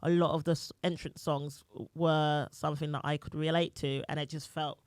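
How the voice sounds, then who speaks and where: A woman's voice: deep voice, little pitch movement, normal speed, darkish tone, clean tone, no room sound, clean studio sound. A woman co-hosting a chat podcast, chatty and giggly as she asks the guest questions. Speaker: podcast co-host.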